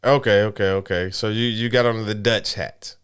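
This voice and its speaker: A laid-back man co-hosting a casual podcast chat. He asks curious questions in a lowish voice that sounds smooth and resonant. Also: fairly even intonation, normal speed, fairly bright tone. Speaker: podcast co-host.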